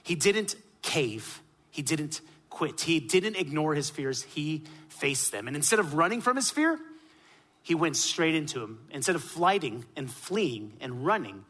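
Husky, bright-voiced male preacher. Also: a little high, very animated, a little slow. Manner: emphatic preaching, swinging from loud peaks to hushed drops. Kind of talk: sermon.

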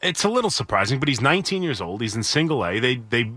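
Measured male sports radio panelist. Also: medium pitch, sing-song, pushed and bright, slightly rough, dry recording.

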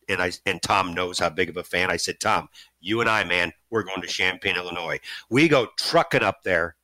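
Animated middle-aged man telling a story. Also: dry recording. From St. Louis area, USA. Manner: animated, self-mocking, jumps high when excited. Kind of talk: casual personal storytelling.

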